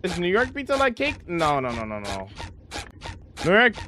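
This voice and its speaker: A man's voice: sits high, huge pitch swings, moderate pace, sharp tone, a little hiss or hum. A man livestreaming a game, chatting casually with viewers and humming while he builds. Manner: chatty, answers chat, hums while building.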